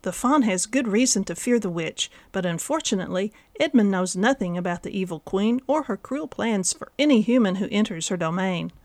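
A woman hosting a book review, reading a script in a measured, clear way. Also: medium pitch, animated, a little mellow, dry recording. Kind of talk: scripted narration.

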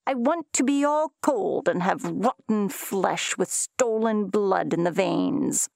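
A woman's voice: mid-range voice, expressive, slow pace, vocal fry, a little mellow, dry recording, studio quality. A woman voicing a shy twelve-year-old boy who turns ferocious and desperate, in an audiobook reading.

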